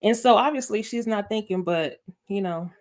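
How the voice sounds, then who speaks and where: Amused woman panelist, mid-pitched voice. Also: moderate pace. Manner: amused, animated storytelling. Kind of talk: casual chat about a TV episode.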